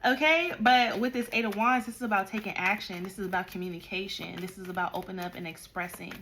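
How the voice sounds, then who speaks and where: A woman with a fairly low voice giving a tarot reading, with a faint hiss underneath. She speaks straight to her listener in an animated, no-nonsense way and scolds them when she thinks they need it. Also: fast. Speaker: tarot reader.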